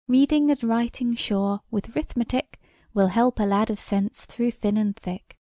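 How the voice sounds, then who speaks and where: A woman's voice: fairly high pitch, unhurried, warm tone, dry recording, clean studio sound, close to an everyday voice. A woman voicing a sturdy, plucky young boy who talks in a blunt way. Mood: sing-song.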